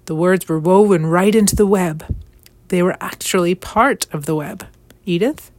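A woman voicing a stunned middle-aged farmer who speaks gravely and insistently, in a storybook reading. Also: fairly low pitch, normal speed, a little mellow, no room sound, lightly acted. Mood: awed insistent.

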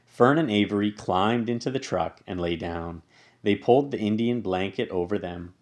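A man reads a children's story aloud as narrator. He speaks in a steady storytelling manner, his voice low with a gravelly texture. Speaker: audiobook narrator. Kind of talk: storybook reading.

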